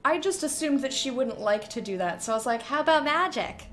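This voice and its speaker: A young woman streaming a game, chatting casually and excitably, often giggling. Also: fairly high pitch, brisk, faint music behind. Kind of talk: casual gameplay commentary.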